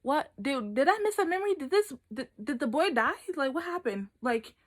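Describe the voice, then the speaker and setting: A woman's voice: high-pitched, lively intonation. A woman voicing her own brain as a baffled young woman firing off questions. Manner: baffled, rapid-fire questioning.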